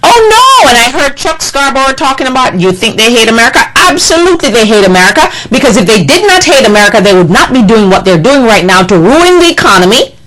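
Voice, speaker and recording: Indignant, animated woman ranting. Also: fairly high pitch, quick pace, few pauses, rough recording. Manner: indignant, scolding, emphatic. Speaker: political commentator. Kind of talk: impassioned political monologue.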